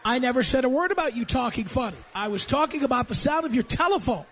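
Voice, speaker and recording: A man's voice: very high-pitched, lively intonation, quick pace, fairly bright tone, breathy edge. A man hosting a call-in radio show, bossy and sarcastic with callers. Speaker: radio talk show host.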